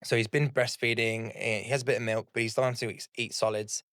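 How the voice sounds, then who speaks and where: A man in his thirties, co-hosting a podcast in relaxed, casual chat and swearing easily. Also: mid-range voice, quick pace, no room sound, clean studio sound. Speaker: podcast co-host.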